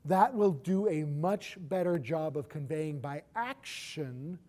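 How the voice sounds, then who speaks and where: Woman instructor, lively and emphatic lecture delivery. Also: takes it slowly. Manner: animated, emphatic, with big swings in pitch and loudness.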